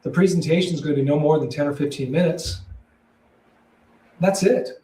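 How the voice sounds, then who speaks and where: A man talks calmly and plainly about his work, often circling back in short repeated phrases. His voice sits slightly high. He sounds a little away from the mic, in a roomy, echoey space. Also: moderate pace, recorded from a distance, a little hiss or hum. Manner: calm, matter-of-fact, repeats himself in short phrases. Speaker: probate real estate broker, guest. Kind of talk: conversational interview. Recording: roomy echo, voice a bit off-mic.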